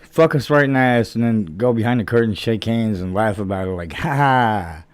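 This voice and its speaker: A man's voice: lowish voice, a little fast, clean tone. A man giving crude, sarcastic reaction commentary as a channel host.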